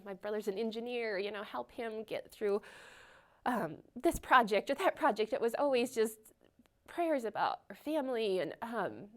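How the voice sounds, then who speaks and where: A woman telling a personal testimony at church, earnest and emotional, with a chatty flow full of "like" and "you know.". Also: fairly high pitch. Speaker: church member sharing testimony. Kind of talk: personal testimony, conversational storytelling.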